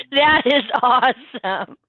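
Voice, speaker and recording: Earnest woman over a tinny phone line. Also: high voice. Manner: earnest, with filler words and trailing phrases. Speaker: festival organizer guest. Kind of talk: casual interview answers.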